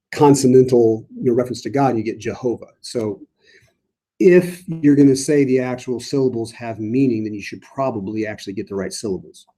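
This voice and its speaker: Medium in pitch and dark in tone, this middle-aged priest's voice carries a relaxed Bible study where he answers viewers' questions. His delivery is chatty, full of fillers and false starts.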